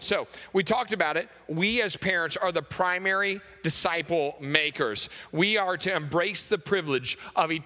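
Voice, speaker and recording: A man's voice: a little high, bright, forceful tone. Brief: man, pastor, earnest sermon, long reverb of a large sanctuary. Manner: earnest, repeats key phrases. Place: church sanctuary.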